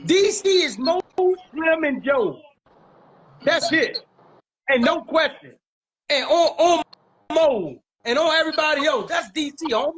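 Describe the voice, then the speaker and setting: A man with a Washington, D.C. accent talking in a strikingly high voice. He speaks emphatically in a casual interview, circling back to repeat his points with lots of street slang. A faint hiss sits under the recording. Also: animated, a little slow, a bit bright, poor audio. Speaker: guest.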